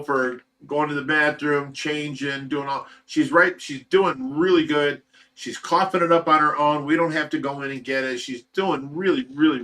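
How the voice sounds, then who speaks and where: A livestream host talks in a rambling, heartfelt way, sharing an emotional personal update. His voice sits a little high for a man and has a bright, forward edge. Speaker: livestream host of a fish rescue. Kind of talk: casual livestream chat.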